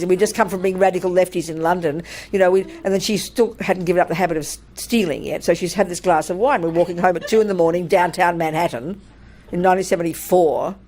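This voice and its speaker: An older woman, a Buddhist nun, giving a dharma talk in a blunt, animated way and laughing through her stories. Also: fairly low pitch.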